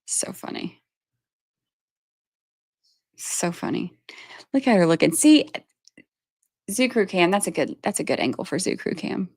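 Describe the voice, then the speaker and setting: A woman's voice: on the low side, sing-song, measured pace, long pauses, darkish tone, breathy edge, no echo. Chatty woman streamer, dry sound. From Georgia, US. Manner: chatty, laughs often, talks to chat. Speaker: livestream host. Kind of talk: casual livestream chat.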